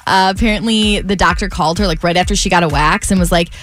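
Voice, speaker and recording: A woman's voice: fairly low pitch, fast, fairly bright tone, soft background music. A woman co-hosting a morning show, chatting and running through celebrity gossip in a giggly, conversational way. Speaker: co-host presenting entertainment news. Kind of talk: casual chat and gossip report.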